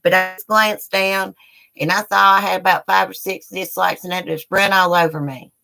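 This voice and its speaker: A woman's voice: on the low side, steady tone, moderate pace, vocal fry, pushed and bright. A middle-aged woman on a live stream, ranting angrily at her viewers with heated, profane talk. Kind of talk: angry live-stream rant.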